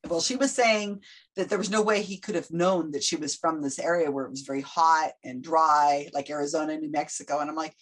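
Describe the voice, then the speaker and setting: Lively, husky woman telling stories. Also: on the low side, a little fast. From United States. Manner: animated storyteller acting out quoted voices. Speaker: guest. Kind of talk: casual podcast interview.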